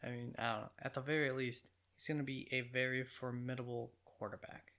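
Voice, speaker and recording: A man's voice: mid-range voice, level tone, fairly quick, pushed and bright. A man narrating a casual film review with chatty, offhand asides.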